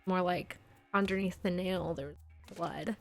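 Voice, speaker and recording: A woman's voice: fairly low pitch, measured pace, vocal fry, faint music behind. A young woman streamer telling a story in casual live-stream chat, full of "like" fillers. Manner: chatty storytelling, frequent "like" fillers.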